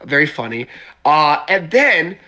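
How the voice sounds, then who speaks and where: A man's voice: a little high, big pitch swings, a little slow, bright, forceful tone. A young man from Canada hosting a podcast, telling stories in rambling, jokey casual chat with plenty of swearing. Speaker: podcast host.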